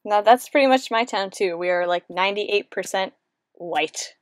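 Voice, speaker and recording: A woman's voice: mid-range voice, normal speed, no echo. A woman with an American East Coast accent, chatting easily as a podcast guest and giggling often. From United States East Coast. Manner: giggly, easygoing. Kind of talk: casual chat.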